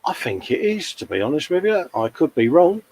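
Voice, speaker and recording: A man's voice: a little high, very animated, brisk, a little mellow, slight background noise, poor audio. A man hosting a casual live-stream chat, matey and full of tag questions. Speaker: host.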